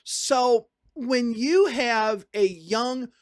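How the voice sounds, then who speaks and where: A relaxed commentator from the northern United States talks through the news in a loose, conversational way. The voice sits in a middle range. It is recorded close and dry, with no room sound. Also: medium pitch, drawn-out words, dry recording. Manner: conversational, reads on-screen text aloud and repeats points for emphasis. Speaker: political commentator. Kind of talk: casual political commentary.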